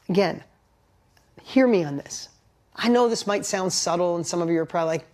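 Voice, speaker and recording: A man coaching a live online workshop, talking in an energetic, emphatic way and reading viewers' messages aloud. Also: high voice, normal speed, gravelly. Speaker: motivational coach.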